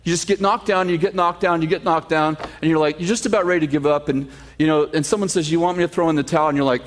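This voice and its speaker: Animated joking male pastor. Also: high voice. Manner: animated storytelling with sarcastic humor and laughs; reads scripture slowly and steadily. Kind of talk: sermon.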